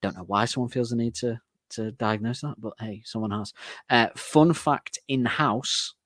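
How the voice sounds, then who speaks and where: A man's voice: mid-range voice, moderate pace, fairly bright tone, dry recording. A man co-hosting a casual music podcast, rambling chattily and laughing often. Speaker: podcast co-host.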